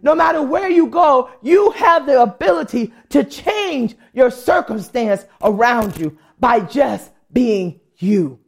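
A woman's voice: sits high, lively intonation, takes it slowly, few pauses, husky. A woman pastor preaching a sermon, telling a testimony and acting out the voices of people she quotes. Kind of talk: sermon with storytelling.

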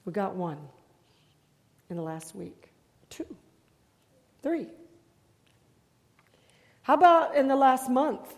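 A woman with a high voice preaches a testimony-style sermon as a visiting speaker. She presses each point hard, repeats phrases and fires rhetorical questions at the congregation. Her voice rings out with a long reverb from a large church hall. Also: very animated, slow, long pauses. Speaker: guest preacher.

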